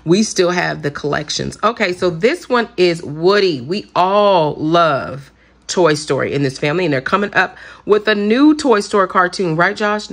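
A woman's voice: lowish voice, lively intonation, moderate pace. A woman chatting enthusiastically through a haul video, saying "y'all" a lot. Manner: gushing, chatty, says "y'all" often. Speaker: vlogger showing purchases. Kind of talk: casual haul video chat.

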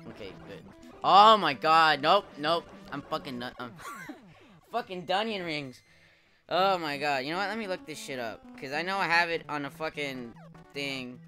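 A young man commenting live on his gameplay, swearing a lot, laughing often and yelling at the game when he fails. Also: on the high side, normal speed. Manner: profane, excitable, laughs often, shouts at the game. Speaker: streamer playing a retro game. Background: game music.

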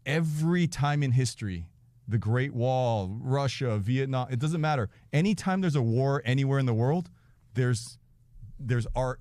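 A man in his forties telling a story in casual chat as a podcast guest, animated and profane, laughing often and acting out quotes. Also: mid-range voice, no echo.

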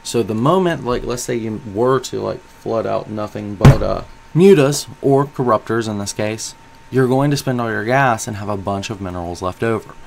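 A man's voice: lowish voice, moderate pace, gravelly, noisy background. A man giving analytical commentary on a strategy game, coaching the viewer and asking them questions.

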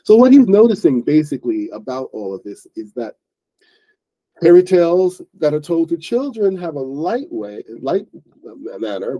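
A man's voice: mid-range voice, mellow, lo-fi sound. A man hosting an online English book club, explaining a story in a loose, rambling way with many fillers and restarts. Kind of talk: casual explaining lesson.

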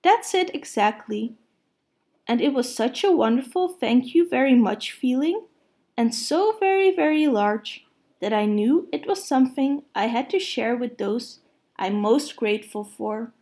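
A woman doing a gentle little honey bear. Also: fairly high pitch, animated, measured pace. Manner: soft and thoughtful. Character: gentle honey-loving male bear, small and kind.

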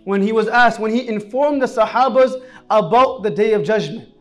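A man preaching an Islamic sermon, telling stories earnestly and moving between soft, low passages and raised, emphatic ones. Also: moderate pace, faint music behind.

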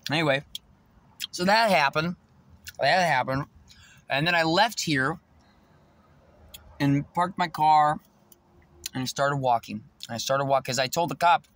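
A man's voice: on the high side, moderate pace, long pauses, a bit bright. A man telling a story in a profane, agitated, boastful way while sitting in his parked car in a parking lot. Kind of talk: casual storytelling vlog.

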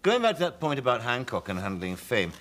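A man hosting a talk show, asking quick, probing questions of his guest. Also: medium pitch, sing-song, fairly bright tone. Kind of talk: interview questions.

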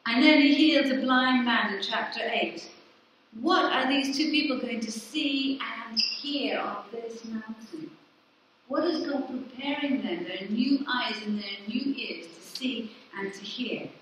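A woman's voice: a little high, unhurried, fairly bright tone, a little hiss or hum. A woman vicar preaching a sermon, asking the congregation questions and answering them herself, recorded from a distance in a church. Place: large church hall. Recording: echoey church, speaker far from the mic.

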